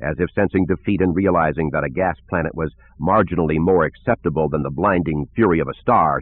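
Male audiobook narrator, low husky voice, steady read; tinny phone-line sound. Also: a little fast, hardly any pauses. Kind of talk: scripted narration.

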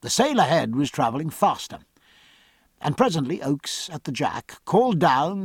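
A man reading a novel aloud with expressive, varied phrasing, close to the mic. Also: a little high, normal speed, slightly rough, no echo. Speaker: audiobook narrator. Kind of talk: scripted audiobook narration.

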